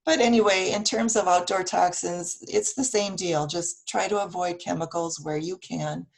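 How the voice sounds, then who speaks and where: A hoarse woman from Wisconsin giving earnest wellness advice with many fillers, speaking over a video call. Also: on the low side, fairly even intonation, normal speed. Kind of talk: casual online meetup talk. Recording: video call audio with dropouts.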